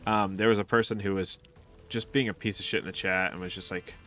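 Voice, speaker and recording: A man with a lowish voice chats loosely while streaming a game, swearing freely and wandering through anecdotes. He laughs often between thoughts, and faint music plays under his talk. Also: steady tone, a little fast, a bit bright. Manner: casual, profane, rambling storytelling with frequent laughs. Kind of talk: casual live-stream chat while playing.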